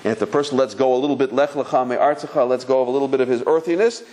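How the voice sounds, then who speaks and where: A rabbi in his fifties gives a Torah talk at a rapid-fire pace in a mid-range voice, an animated storyteller who acts out the characters' voices and restarts his sentences often.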